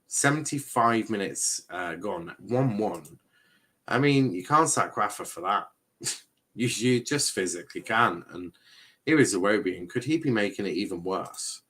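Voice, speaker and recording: A man's voice: on the low side, animated, a little slow, pauses often, fairly bright tone, husky, rough recording. A young man from England doing a casual live football watchalong, bantering with chat in mock outrage and often restarting his sentences. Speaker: watchalong streamer.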